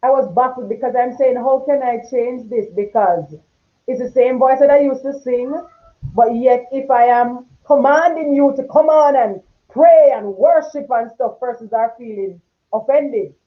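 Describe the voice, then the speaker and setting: A woman hosting a talk show in casual chat, with a strong, forceful tone that gets loud when she is passionate, heard over a video call. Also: fairly high pitch, moderate pace. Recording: tinny phone-like line.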